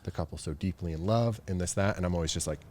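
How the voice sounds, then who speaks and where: Deep-voiced man in casual chat. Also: fast talker, darkish tone, slight background noise. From United States. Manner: chatty, laughs often, acts out quotes. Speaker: guest photographer. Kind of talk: casual podcast interview.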